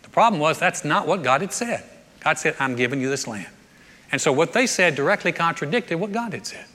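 A man preaching a sermon as a pastor, telling the story in a lively way with repeated words and joking asides. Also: fairly high pitch, fairly quick. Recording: echoey hall reverb.

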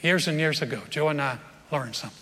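A man's voice: a little high, fast talker, sharp tone, a little hiss or hum. A man preaching as a pastor to a congregation, earnest and emphatic, often repeating his phrases. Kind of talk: sermon. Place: church service before a congregation. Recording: long reverb of a large hall.

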